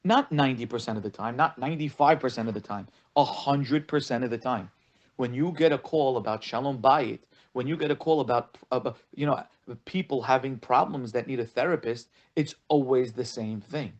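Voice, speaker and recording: An animated man teaches a lesson on marriage as a rabbi, his voice in the middle range. He tells stories and acts out the voices of the people he quotes. He repeats words to drive a point home. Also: mid-range voice, moderate pace, dull audio. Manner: animated storytelling, acting out quoted callers. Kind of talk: spoken lesson.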